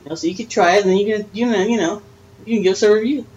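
A woman's voice: medium pitch, rapid-fire, darkish tone, muffled recording, a little hiss or hum. An older woman talks casually as a podcast host, rambling in a friendly, teasing way. She laughs often between thoughts and keeps the chat loose and unscripted. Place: friend's house, dim room.

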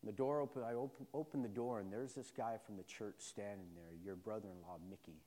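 A pastor preaching a sermon, moving from quiet personal storytelling to loud, repetitive call-and-response preaching. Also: male voice, on the low side, a little fast, long reverb tail.

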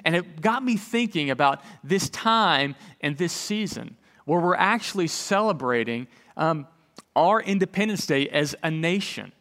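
A man delivering a sermon as pastor. He speaks earnestly and conversationally, with a slightly higher-pitched voice, and often pauses with ums and uhs as he goes. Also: lively intonation, fairly bright tone. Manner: earnest, conversational preaching with frequent fillers.

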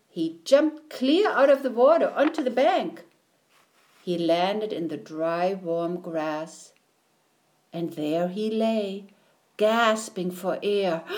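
Slow, gentle woman reading a storybook. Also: mid-range voice. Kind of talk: children's picture book read aloud.

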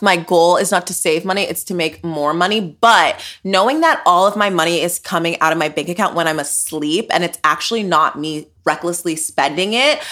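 A woman hosts a podcast in a bright, clear voice. She talks in a loose, animated monologue and swears freely. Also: on the low side. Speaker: podcast host. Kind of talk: casual monologue.

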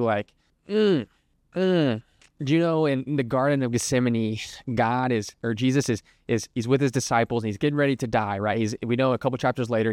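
Chatty young man with a smooth voice. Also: mid-range voice, no room sound, clean studio sound. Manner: conversational, filler-heavy, lots of "like", acts out hypothetical quotes. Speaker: podcast host. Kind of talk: casual Christian teaching monologue.

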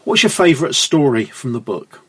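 A man's voice: mid-range voice, big pitch swings, moderate pace, a bit bright, husky. A middle-aged man hosting a podcast, friendly and upbeat as he asks questions and signs off the show. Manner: upbeat, friendly sign-off patter. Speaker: podcast host.

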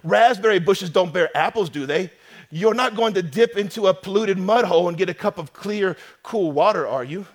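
High-voiced pastor preaching with emphasis. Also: male voice. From North America. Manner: emphatic preaching, swings from loud to hushed. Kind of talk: sermon.

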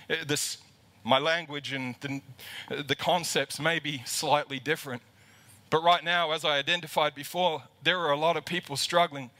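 Male lead pastor, livestreamed sermon, impassioned, forceful bright tone, slightly high voice. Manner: impassioned, repeats words while building emphasis. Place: church auditorium, empty.

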